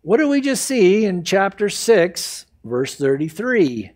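A man preaching an expository sermon as pastor, emphatic and animated, acting out the people he quotes. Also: high voice, slow pace. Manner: acts out quoted people in varied voices.

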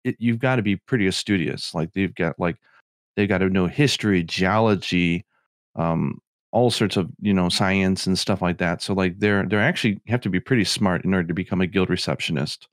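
A man's voice: deep voice, moderate pace, no echo, studio quality. A middle-aged man co-hosting a podcast, chatting casually and rambling with lots of filler words. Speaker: podcast co-host.

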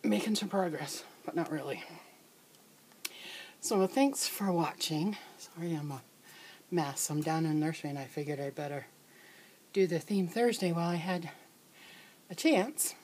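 A woman's voice: sits low, animated, darkish tone, a little hiss or hum. A woman hosting a casual vlog from her home nursery, showing off her doll collection in a chatty, doting way and sounding a little out of breath. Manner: chatty, doting, halting with fillers and restarts. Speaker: reborn doll collector, channel host. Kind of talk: casual show-and-tell vlog. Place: home nursery room, indoors.

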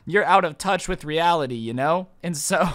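A young man spinning a casual storytime anecdote, sarcastic and rambling with plenty of fillers. His voice sits high for a man. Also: moderate pace, fairly bright tone, dry recording. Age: young adult.

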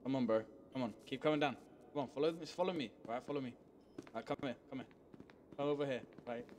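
A young man putting on a quiet, coaxing voice to lure other players in a game. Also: mid-range voice, quick pace, a little hiss or hum, pitched below the performer's own voice, close to an everyday voice.

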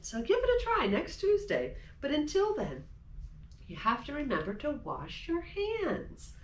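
Woman librarian, children's storytime, lively rising and falling voice, unhurried, gentle. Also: high voice. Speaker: children's librarian reading aloud. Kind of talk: children's storytime read-aloud.

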